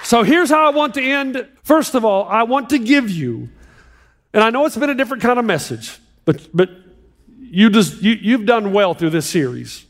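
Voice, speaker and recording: A man preaching a sermon as pastor, animated and joking with a live audience in a large hall. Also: high-pitched, normal speed, some chatter behind. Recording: long hall reverb.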